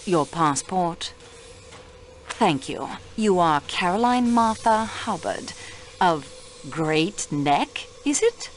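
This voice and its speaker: A courteous, composed French investigator for a mystery game. She speaks in a formal, measured French accent, her pitch moving a lot as she asks her questions. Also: very animated, a little hiss or hum. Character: calm, polite French female investigator. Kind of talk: video game voice acting.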